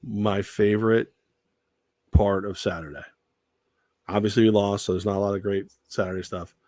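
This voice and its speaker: A man's voice: on the low side, moderate pace, dry recording, studio quality. A man co-hosting a sports talk show, telling stories animatedly and acting out what people said. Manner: animated storyteller who acts out quoted voices.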